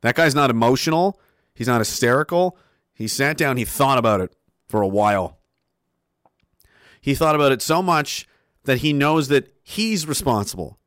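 Animated, profane male stream host. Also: medium pitch, normal speed, long pauses, no echo, studio quality. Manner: animated, profane, casual, slips into impressions. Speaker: show host. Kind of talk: livestream talk reading viewer messages.

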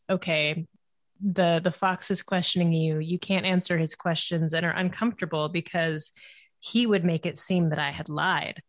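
A woman's voice: on the low side, no echo. Reflective woman discussing a novel. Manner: reflective, analytical. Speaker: podcast guest. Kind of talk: casual book discussion.

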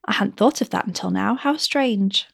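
A woman's voice: medium pitch, normal speed, gravelly, slightly rough, dry recording, clean studio sound. A woman putting on a gushing eager young mistress. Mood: excited. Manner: gushing, pleading, rising.

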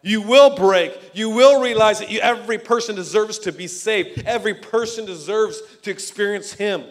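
A man preaching a sermon in an energetic, conversational way, acting out the people he quotes. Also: high-pitched, normal speed. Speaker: pastor.

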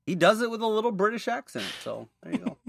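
A man's voice: high-pitched, fast, gravelly, husky, no echo, clean studio sound. Man telling a story on a podcast. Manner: animated storyteller. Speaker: guest superfan. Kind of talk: casual anecdote telling.

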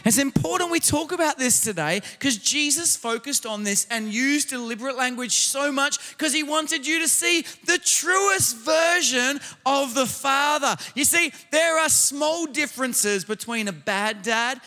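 A man preaching a sermon, emphatic, repeating phrases and building to shouts. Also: very high-pitched, unhurried, few pauses. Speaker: pastor. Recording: long hall reverb.

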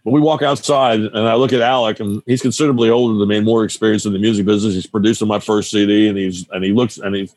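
A man's voice: fairly low pitch, steady tone, quick pace, hardly any pauses, darkish tone, dry recording. A man in his seventies from New Jersey, a musician telling a loose, rambling story in a casual interview, full of restarts and asides. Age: 70s. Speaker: musician guest.

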